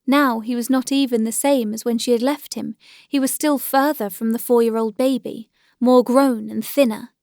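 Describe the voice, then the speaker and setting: A woman narrating a classic novel as an audiobook, in a measured, gentle storytelling manner. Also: a little high, fairly even intonation, no echo, clean studio sound.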